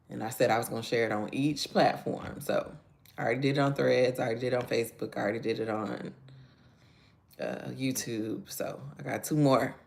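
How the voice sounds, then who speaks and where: A woman hosts a casual live-stream devotional, chatting with viewers and greeting each one by name. Her voice sits low and carries a heavy gravelly fry. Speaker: devotional livestream host.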